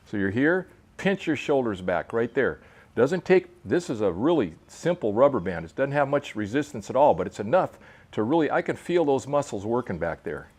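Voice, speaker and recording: A man in his sixties, close to seventy, demonstrating fitness exercises for fly fishers, plain-spoken and coaching as he moves. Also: medium pitch. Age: 60s. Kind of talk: casual instructional demo. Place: outdoor covered veranda in a park.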